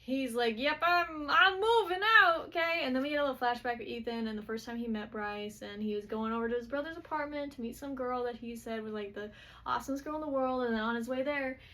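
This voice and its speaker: A woman casually recapping book chapters, chatty and full of quick quoted asides. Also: fairly high pitch.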